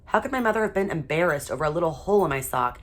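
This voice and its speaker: A woman teacher reading a children's chapter book aloud in a steady, expressive way. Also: fairly low pitch, very fast.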